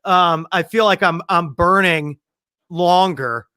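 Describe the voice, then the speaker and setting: A man's voice: sits high, slow pace, sharp tone, clear, resonant tone, no room sound, studio quality. A man in casual podcast chat, chatty and laughing easily, often trailing off mid-sentence. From Texas. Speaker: podcast co-host.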